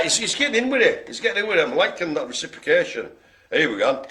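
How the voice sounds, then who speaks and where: A man hosting a live bingo game with a chatty, joking manner. His fairly high voice swings up and down a lot. The tone is bright and lively. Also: fast. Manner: jokey, chatty, playful asides. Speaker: bingo host. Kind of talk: live-streamed bingo calling.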